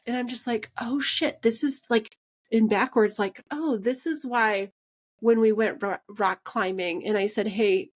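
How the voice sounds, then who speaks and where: Podcast host lady, higher voice, chatty and animated, acts out what people said. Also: normal speed. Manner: animated storyteller, acts out quoted dialogue; says "like" and "right" a lot. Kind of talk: casual interview chat.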